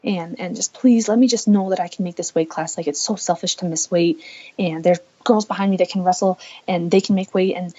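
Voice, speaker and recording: Earnest low-voiced young woman, muffled audio. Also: fairly even intonation, a little fast, warm tone. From United States. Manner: earnest, voices her own past thoughts aloud. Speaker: guest. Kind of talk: candid personal storytelling.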